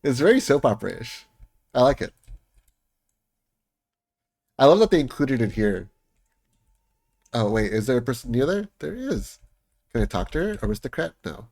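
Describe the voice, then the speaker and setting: A man's voice: medium pitch, big pitch swings, normal speed, gravelly, long pauses, a little mellow. A man chatting casually as he plays a game, amused and laughing often. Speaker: game streamer. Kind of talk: casual gameplay commentary.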